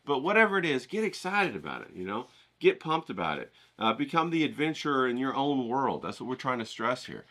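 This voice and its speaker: Upbeat rambling man, bright voice. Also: mid-range voice, big pitch swings, brisk. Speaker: art vlogger. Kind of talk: casual chat to viewers.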